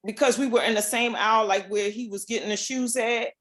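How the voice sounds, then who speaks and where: A middle-aged woman joins a video call as a guest. She speaks slowly and hesitantly, pausing often on fillers. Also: a little high, steady tone, a bit bright. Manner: hesitant, unhurried, many fillers. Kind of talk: casual video call chat.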